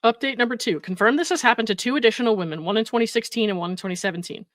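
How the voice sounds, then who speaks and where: A woman with a higher voice hosts a reaction commentary in a blunt, sarcastic way, laughing between remarks. Her voice sounds close and dry. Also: racing, fairly bright tone, no room sound. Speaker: commentary host.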